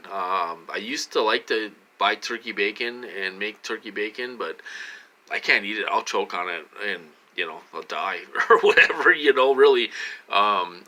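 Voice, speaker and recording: A man's voice: lowish voice, bright, forceful tone. A middle-aged man rambling in a casual vlog, repeating himself and often addressing his viewers, a little short of breath. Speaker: vlogger.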